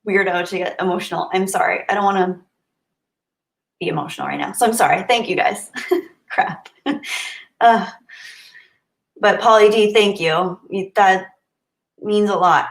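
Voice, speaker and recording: A woman's voice: lowish voice, reverberant. A young woman live-streaming, reading viewer comments aloud and thanking them, sometimes getting emotional. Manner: warm, grateful, softly emotional.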